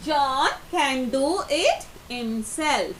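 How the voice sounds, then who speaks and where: Slow, bright-voiced woman teaching grammar. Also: high voice, expressive, a little hiss or hum, rough recording. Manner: reads example sentences then explains them, non-native grammar slips. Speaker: English teacher. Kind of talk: slow explanatory grammar lesson.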